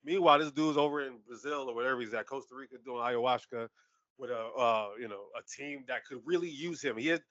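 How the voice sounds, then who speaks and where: A man's voice: mid-range voice, fast, no echo, dull audio. A man co-hosting a sports podcast, talking casually with lots of swearing and laughter. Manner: animated, profane, laughs often. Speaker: podcast co-host.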